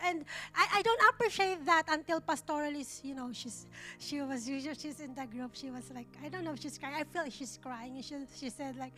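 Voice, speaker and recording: A woman giving an earnest, emotional testimony sermon in church, halting and restarting her words often. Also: sits high, pushed and bright. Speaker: church minister.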